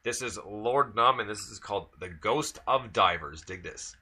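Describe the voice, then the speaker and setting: A man's voice: lowish voice, animated, moderate pace, very noisy. A man hosting a radio show, chatting casually and rambling, with lots of repeated words as he starts sentences. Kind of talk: casual on-air chat.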